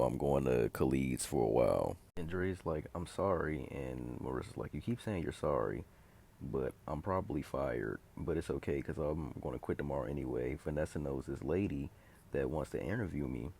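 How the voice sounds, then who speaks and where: Young man, very low voice, husky, casual recap, quotes characters loosely. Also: moderate pace, darkish tone. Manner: retells scenes loosely, quoting characters in his own voice. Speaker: video recapper.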